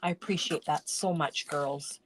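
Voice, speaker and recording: A woman's voice: sits low, steady tone, measured pace, a little hiss or hum. A woman hosting a casual card-making live stream from her home craft room, chatting in a rambling way and often breaking off mid-sentence. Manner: chatty, rambling, self-interrupting.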